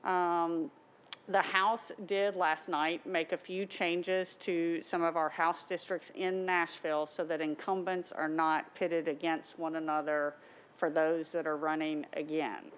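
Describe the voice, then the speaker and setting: Lower-voiced woman briefing a council. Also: level tone, unhurried, smooth, rough recording. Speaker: government affairs staffer briefing the council. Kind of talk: briefing at a meeting.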